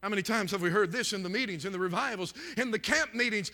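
A middle-aged male preacher delivering a live sermon, building repetitive emphatic phrases and swinging between shouts and near-whispers. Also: sits high, quick pace, hardly any pauses, big-room sound. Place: church meeting, live stream.

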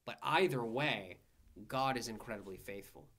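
A man's voice: medium pitch, moderate pace, pushed and bright. A man co-hosting a church Bible study, reading scripture aloud and explaining it in a thoughtful, conversational way.

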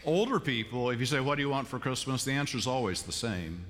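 A middle-aged man preaching a sermon in a large church, telling stories in a conversational way and moving between hushed tones and animated bursts. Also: medium pitch, fast talker. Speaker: pastor. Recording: long church-hall reverb.

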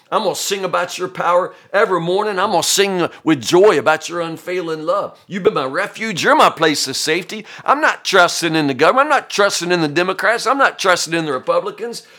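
A man's voice: fairly high pitch, sharp tone. A man giving a casual devotional Bible teaching, folksy and emphatic, with frequent fillers.

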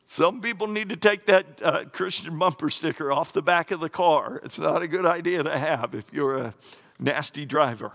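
A man's voice: a little high, moderate pace, gravelly, a bit bright. A middle-aged man preaching a sermon as pastor, earnest and plainspoken, with quoted asides. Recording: echoey hall with long reverb.

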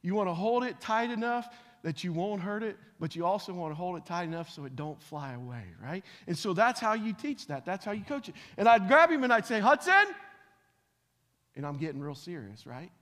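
A middle-aged man preaching a revival sermon to a church crowd, swinging between loud, emphatic calls and hushed, personal talk, often repeating words as he restarts phrases. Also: high voice, lively intonation, fairly quick, hardly any pauses. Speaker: pastor. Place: large church sanctuary with live audience. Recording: long hall reverb.

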